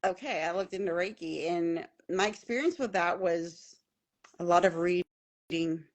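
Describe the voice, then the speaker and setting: A woman's voice: lowish voice, a little slow. A woman guest on a podcast telling a personal story in casual, earnest, emphatic talk, often repeating key phrases. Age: adult with children at home.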